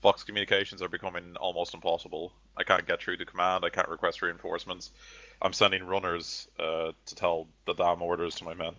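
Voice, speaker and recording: A man's voice: low-pitched, little pitch movement, a little fast, sharp tone, no room sound. A man voicing a weary, stern middle-aged army colonel who speaks bluntly and curses under pressure, on a dull lo-fi recording. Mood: grim, weary.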